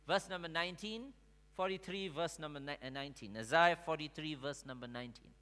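A male pastor preaching a sermon in a church, slow and emphatic, calling on the congregation to answer back and swinging from quiet to shouting. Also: on the high side. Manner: call-and-response with the congregation. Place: church sanctuary. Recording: long reverb of a large hall.

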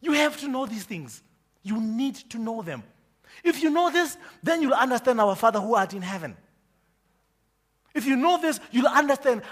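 A man pastor preaching a sermon, emphatic and forceful, constantly quizzing the congregation with repeated questions. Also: very high-pitched, expressive, moderate pace, long pauses.

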